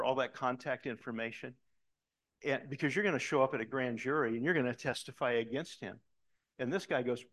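A man's voice: medium pitch, a bit bright. A middle-aged man, a preacher and former police detective, telling a story in a sermon and acting out the dialogue as he goes.

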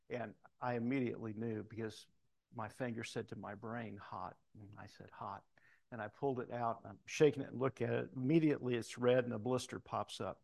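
Middle-aged guy preaching, gravelly voice, tells stories and does little voices for folks he quotes. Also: mid-range voice, a little mellow. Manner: storytelling, acts out voices in quoted lines. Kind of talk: sermon with personal stories.

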